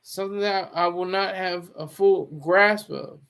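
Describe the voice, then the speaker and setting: A man's voice: high voice, fairly even intonation, measured pace, vocal fry, a bit bright, clear, resonant tone. A man hosting his own livestream, chatting casually, joking and talking to his viewers. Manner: chatty, joking, talks to chat. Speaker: livestream host. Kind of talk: casual commentary.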